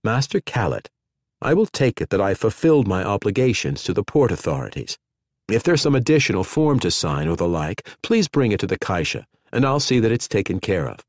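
A male narrator voicing a calm, level-spoken ship's commander. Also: fairly low pitch, fairly quick, no echo, clean studio sound.

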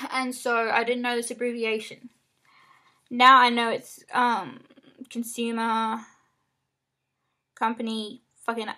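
Young adult woman, slightly high voice, upset and candid vlog vent with frequent swearing, close-up room sound. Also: pushed and bright. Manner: upset, rambling and frank, swears often. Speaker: vlogger. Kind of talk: casual venting to camera. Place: small room indoors.

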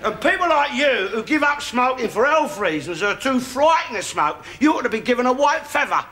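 A ranting old grump. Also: male voice, very high voice, very animated, brisk. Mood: blustering. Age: older. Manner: blustering, shouting, swearing. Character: ranting cantankerous old working-class London man. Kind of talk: studio sitcom acting. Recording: studio audience laughter and noise. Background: audience laughter.

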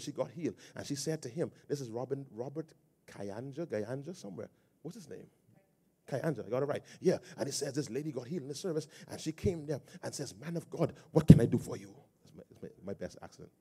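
A male pastor with a Bahamian accent preaching a sermon in church, swelling into shouted, sing-song cadences. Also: medium pitch, husky.

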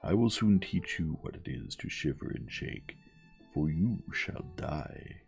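A man voicing a huge, menacing old bearded monster who speaks slowly in a hushed, threatening tone, in a bedtime storybook reading. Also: a bass voice, big pitch swings, creaky, soft background music, exaggerated voice.

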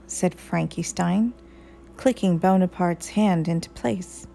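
Slow, gravelly woman reading a storybook. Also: lowish voice, warm tone, soft background music, low-quality recording. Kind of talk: children's book read-aloud.

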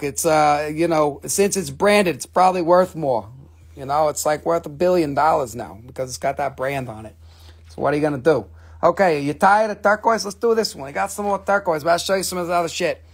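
A man's voice: high-pitched, breathy edge. A man hosting a casual live sale of stones, joking, rambling and swearing as he talks. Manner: joking, profane, rambling salesman. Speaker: live stream mineral seller. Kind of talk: casual live sales chat.

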